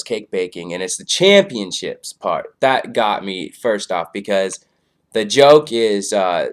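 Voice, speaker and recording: A man casually reviewing a comedy show, rambling loosely with lots of fillers. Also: lowish voice. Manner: loose, filler-heavy, laid-back.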